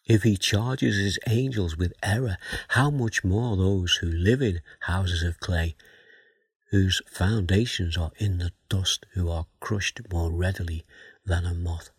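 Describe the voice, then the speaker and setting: Male preacher, very husky and deep, slow measured Bible teaching. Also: fairly even intonation, dry recording. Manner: measured, questioning, reads scripture aloud.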